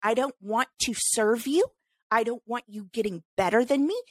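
A woman's voice: on the high side, lively intonation, normal speed, no room sound. A woman co-hosting a casual podcast, talking in an emphatic, ranting way. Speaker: podcast co-host.

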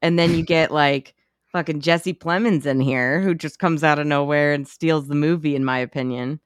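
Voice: medium pitch, fairly even intonation, normal speed, clear, resonant tone, no room sound, clean studio sound. A podcast co-host in casual movie chat who swears freely and acts out quotes in a jumped-up voice.

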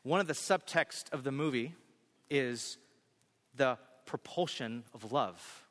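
A male pastor delivering a sermon emphatically, repeating key phrases and slowing on scripture. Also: medium pitch, a bit bright. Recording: long hall reverb.

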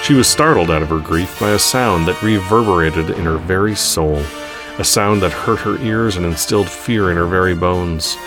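A man reading a science fiction story aloud in a steady, unhurried way. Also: low-pitched, over music. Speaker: narrator. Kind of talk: storybook narration.

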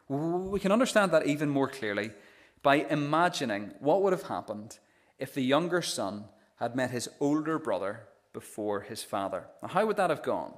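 A man's voice: medium pitch, very animated, normal speed. A male pastor delivering a sermon earnestly, retelling a parable and often repeating first sounds as he starts phrases. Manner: earnest, storytelling, frequent stammered restarts.

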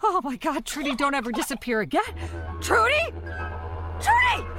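A woman's voice: sits high, huge pitch swings, normal speed. An actress playing a frantic mother who shrieks for her lost daughter, clipped from a show. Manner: shrieking, hysterical. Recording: loud music behind, from a show. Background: music.

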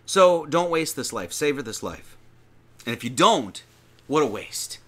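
A man's voice: mid-range voice, very animated, measured pace, a bit bright, breathy edge. A man giving an informal sermon, reading scripture aloud and explaining it in a conversational, rambling way, stretching out phrases for emphasis. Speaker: preacher.

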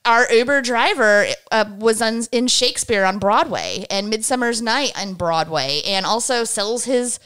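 Bright chatty woman co-host. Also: on the high side, smooth. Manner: chatty, quick to laugh. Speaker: podcast co-host. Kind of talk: casual podcast chat.

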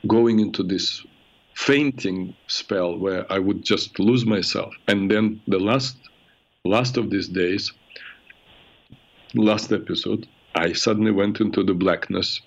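A man hosting a call-in advice show, speaking earnestly and reflectively with frequent halting restarts. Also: fairly low pitch, gravelly. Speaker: radio show host and therapist. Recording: muffled radio broadcast sound.

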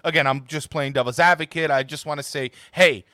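A man co-hosting a football podcast, opinionated and halting, often repeating words. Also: on the high side, fairly even intonation, pushed and bright, no echo, clean studio sound. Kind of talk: casual chat.

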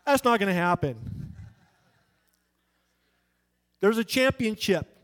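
A high-pitched man preaching an evangelistic sermon. He talks in an emphatic, conversational way and slips into little character voices when he tells a story. His delivery lifts and drops sharply for effect. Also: lively intonation, moderate pace, pauses often, a bit bright. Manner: emphatic and conversational, acts out quoted voices in anecdotes.

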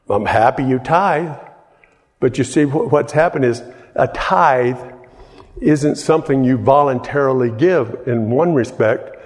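A man's voice: on the high side, in a large hall. A man preaching a sermon as pastor, conversational, often repeating and restarting his phrases.

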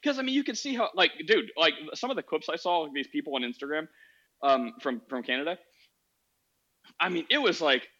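Animated, bright-voiced man hosting a podcast. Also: fairly high pitch, fairly quick, muffled recording. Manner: animated, acts out quoted voices. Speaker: podcast host. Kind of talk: casual call-in chat.

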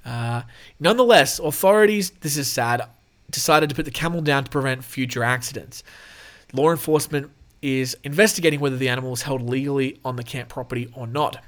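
A man's voice: medium pitch, a little fast, fairly bright tone. A man hosting his own show, reading out animal news stories with casual, irreverent jokes. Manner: irreverent, jokey, laughs often. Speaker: show host.

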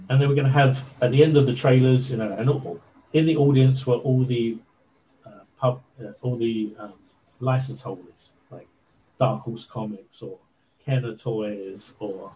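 Animated man telling a story. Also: mid-range voice, a little slow, a little hiss or hum, poor audio. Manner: animated storyteller with fillers and laughs. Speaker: interview guest. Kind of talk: casual anecdote telling.

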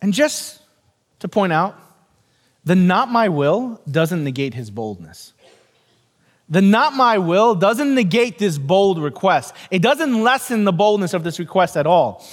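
An earnest male pastor in his forties, whose voice sits high for a man, preaches a sermon in a church, repeating key phrases and telling stories. He is very animated and a little slow, and a long reverb from the hall trails behind him.

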